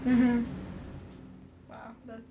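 A woman with a high, childlike voice interviewing on a playful podcast, teasing and deadpan. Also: extremely slow, dull audio, a little hiss or hum.

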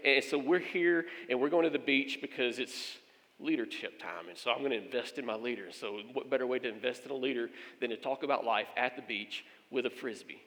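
A man's voice: mid-range voice, fairly quick, big-room sound. A man, a pastor, telling a funny story during a sermon, acting out the voices of the people in it. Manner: animated storyteller, acts out quoted voices.

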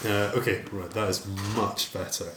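A man's voice: on the low side, fairly even intonation, normal speed, echoey room, heavy background noise. A man co-hosting a podcast in casual chat, dry and joking, with many ums. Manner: dry, joking, says um often. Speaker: podcast co-host.

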